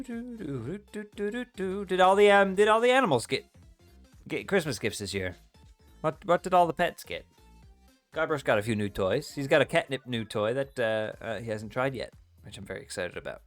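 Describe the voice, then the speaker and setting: A man's voice: medium pitch, animated, fairly quick, soft background music. Playful man chatting on a livestream. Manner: chatty and playful, reading chat aloud and joking. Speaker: livestream host. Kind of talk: casual chat with live viewers.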